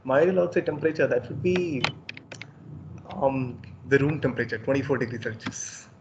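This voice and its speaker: A man's voice: medium pitch, fairly quick, muffled recording, noisy background. A man answering as a podcast guest, hesitant and thoughtful, with many ums. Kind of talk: casual podcast chat.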